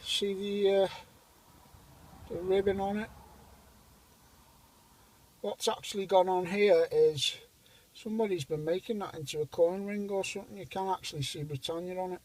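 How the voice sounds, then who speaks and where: A man's voice: high voice, fairly even intonation, moderate pace, long pauses, a little mellow, low-quality recording. A man hosting a metal detecting vlog, chatting enthusiastically to viewers while outdoors in a windy farm field. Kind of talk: casual vlog commentary.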